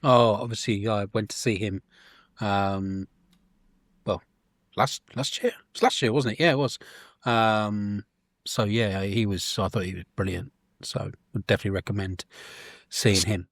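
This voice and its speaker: A middle-aged man, co-hosting a podcast in a quiet, measured, slightly hesitant way. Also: fairly low pitch, fairly even intonation, dry recording, studio quality. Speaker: podcast co-host. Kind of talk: casual chat.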